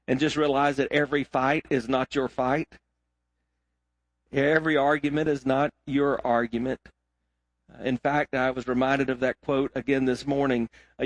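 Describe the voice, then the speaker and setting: A man's voice: medium pitch, no room sound. A man preaching a sermon to a congregation, asking his listeners questions as he teaches. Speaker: pastor. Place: church sanctuary.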